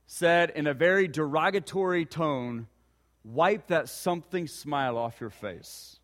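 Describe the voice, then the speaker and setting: A man's voice: fairly high pitch, a bit bright, in a large hall. A man preaching a sermon, telling a personal story and asking earnest rhetorical questions. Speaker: pastor.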